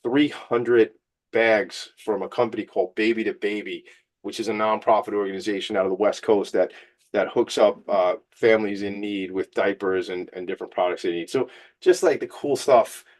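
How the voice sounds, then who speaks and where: A man's voice: lowish voice, normal speed. A man hosting a radio show, fired up, joking and motivational. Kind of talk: energetic radio monologue.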